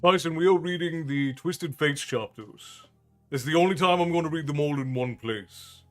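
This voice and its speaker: With faint music behind him, this Irish livestream host and storyteller speaks at a moderate pace in a voice on the high side. It's a casual chat with viewers, whom he greets by name in a friendly, rambling manner.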